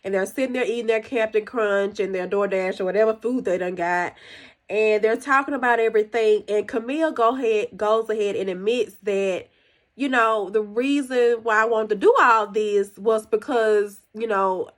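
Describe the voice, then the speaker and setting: A woman hosting a podcast, chatting casually as she reviews a TV episode and gives her opinions. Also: moderate pace. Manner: chatty and conversational, recounting scenes with opinions; jumps higher when acting out quoted characters. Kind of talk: casual solo review chat.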